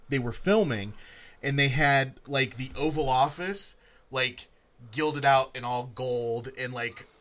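Man, podcast co-host, mid-pitched everyday voice, storytelling, casual. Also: fairly bright tone. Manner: storytelling, paraphrases others. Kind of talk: casual chat.

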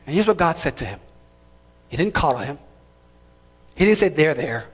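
A man preaching a sermon in a church, emphatic and shouting, calling out to the congregation. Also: fairly high pitch, sing-song, normal speed. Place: church sanctuary. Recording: long reverb of a large hall.

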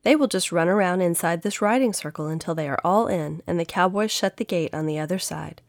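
A woman's voice: lowish voice, a little fast, no room sound, lightly acted. A woman voicing a clever, slightly boastful male rabbit in a children's audiobook, speaking in a friendly, confident way. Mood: reassuring. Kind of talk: storybook narration.

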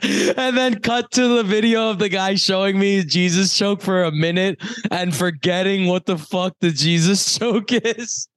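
A man's voice: high-pitched, unhurried, hardly any pauses, fairly bright tone, clear, resonant tone, dry recording, clean studio sound. A man co-hosting a podcast, telling stories in casual chat, swearing and laughing often. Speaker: podcast co-host.

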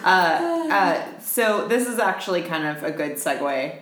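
A woman host with a lowish voice, chatty and quick to laugh as she asks her guest questions. Her voice rings in a hard, echoey room. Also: expressive, a crowd in the background. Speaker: podcast host. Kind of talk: casual interview chat.

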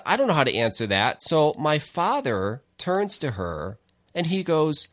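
A man in his forties hosts a relaxed talk show, spinning stories with plenty of laughter. His pitch swings widely as he tells them. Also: measured pace. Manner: animated, laughs often while telling stories. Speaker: podcast host. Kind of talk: casual storytelling chat.

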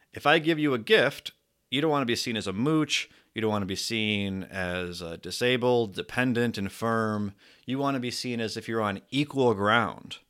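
A man hosting his own show, running through a book in a rambling, crude, self-mocking way, jumping between loud bursts and muttered asides. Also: lowish voice. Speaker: show host. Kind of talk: casual comedic book rundown.

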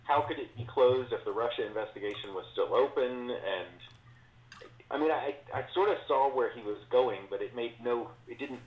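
A man's voice: mid-range voice, moderate pace. A man co-hosting a casual political chat podcast, hesitant and restarting his sentences as he explains. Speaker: podcast co-host. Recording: roomy, dull lo-fi sound.

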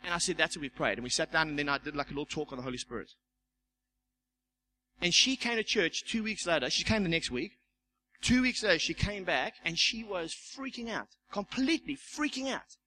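A man's voice: a little high, animated, fairly quick, bright, forceful tone, a little hiss or hum, poor audio. A man, a church elder, preaching a sermon and telling a personal testimony, acting out the voices in his story and repeating words as he goes. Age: young adult.

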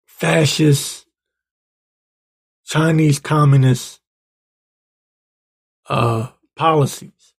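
A man's voice: a little high, unhurried, long pauses, darkish tone. A man hosting his own show, delivering an angry, profane political rant that keeps building into heated outbursts. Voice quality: gravelly, husky. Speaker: show host.

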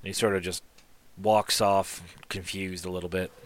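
A man narrating as game master of a tabletop game in a relaxed, halting way. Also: deep voice.

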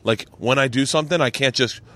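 A man's voice: mid-range voice, quick pace, bright, forceful tone. Rambling, swearing man telling stories. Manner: rambling storyteller, acts out quotes, swears freely. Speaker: podcast host. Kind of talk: casual chat.

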